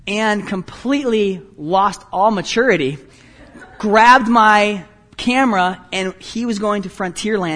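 Animated high-voiced male preacher. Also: big-room sound. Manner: animated, self-deprecating storytelling with quick asides. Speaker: pastor. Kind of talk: sermon.

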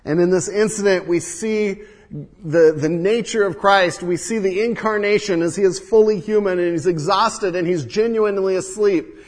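A fairly high-voiced man preaching in a church sanctuary, his words trailing into a long hall reverb. He swings from loud, emphatic stretches to hushed, low asides as he teaches. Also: normal speed. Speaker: pastor. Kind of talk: sermon.

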